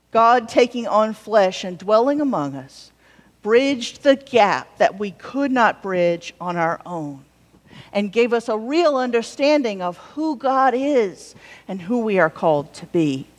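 A woman pastor preaching a sermon in a conversational way, with wry humorous asides. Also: mid-range voice. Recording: long reverb of a large hall.

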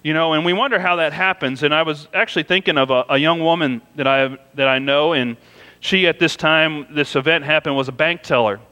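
A man's voice: fairly high pitch, fairly quick, bright, forceful tone, clean tone, in a large hall. A man preaching a sermon in a conversational, storytelling way, often saying "you know" as he goes. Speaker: pastor.

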